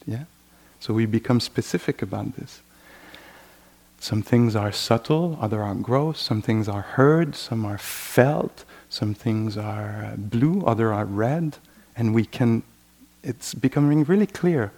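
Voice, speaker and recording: A man leads a dharma talk in an unhurried, reflective way. His voice sits at a middle pitch with a gravelly fry, and he keeps checking in with "you know" while voicing the mind's passing thoughts. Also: a little mellow. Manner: acts out inner voices in quoted asides. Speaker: meditation teacher.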